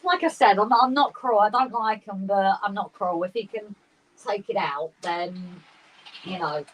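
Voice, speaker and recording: A woman co-hosting a casual livestream from a garden shed, talking excitedly and laughing often. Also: medium pitch, measured pace, muffled recording. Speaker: livestream co-host. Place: garden shed with model railway. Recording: slightly distant mic with faint room noise.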